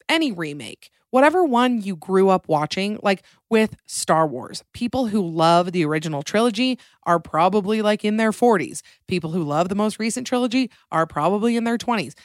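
A woman's voice: medium pitch, big pitch swings, fairly quick, dry recording, studio quality. A young woman hosting a casual podcast, chatty and playful, acting out quotes. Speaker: podcast host.

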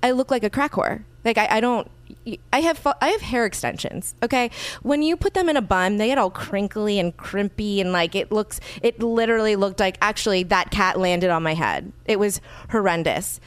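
Podcast host lady, super animated storyteller, smooth clear voice, dry close sound. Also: medium pitch, moderate pace, no room sound. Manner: animated, acts out quoted people, swears freely. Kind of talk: casual storytelling chat.

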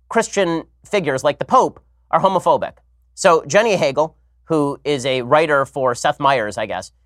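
A man hosting a commentary show, telling stories in a casual, animated way with sarcastic asides. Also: on the high side, no echo, clean studio sound. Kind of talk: casual comedic monologue.

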